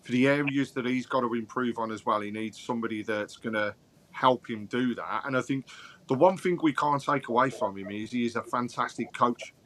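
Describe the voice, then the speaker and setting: A man with a mid-range voice talks through his football opinions at length. He speaks in a steady, considered way on a podcast panel. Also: medium pitch. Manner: measured, explains his points at length. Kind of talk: casual football chat.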